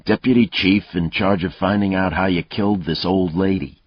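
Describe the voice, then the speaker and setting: A man reading a story, voicing a veteran police detective who talks calmly in clipped, needling lines. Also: low voice, moderate pace, no room sound, voice pushed up. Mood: taunting. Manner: taunting, calm, clipped threats. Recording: dull, muffled dry audio.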